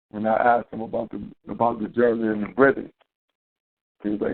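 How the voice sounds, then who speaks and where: A man's voice: fairly low pitch, level tone, normal speed, long pauses. A man hosting a casual talk radio show, loose and slangy, repeating his phrases. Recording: tinny phone line.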